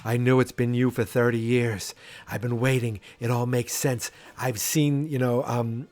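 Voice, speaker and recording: A man voicing a vengeful middle-aged ex-con, speaking low and menacingly. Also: little pitch movement, a little slow, a little mellow, close to an everyday voice.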